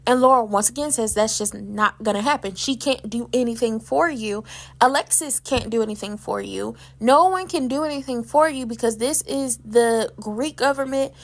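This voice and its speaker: A woman's voice: on the high side, normal speed. A woman hosting a casual soap opera recap, chatty and sassy, acting out the characters' lines in her own voice.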